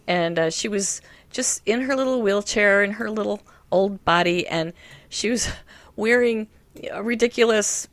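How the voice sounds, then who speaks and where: A woman telling a personal story to an interviewer, animated and laughing often. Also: mid-range voice, measured pace, no echo.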